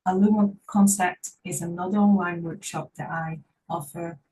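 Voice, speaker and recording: Low-ish voiced woman physio doing a workshop talk, earnest and encouraging, mic kinda far away. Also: fairly even intonation, moderate pace, mellow, slight background noise. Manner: earnest, encouraging, repeats phrases for emphasis.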